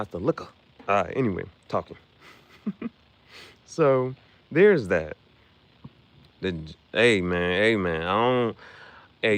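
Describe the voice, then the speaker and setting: Animated rambling man on a livestream. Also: medium pitch, no room sound. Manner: rambling, slangy, jumps between topics. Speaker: streamer designing merch shirts. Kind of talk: casual livestream chat.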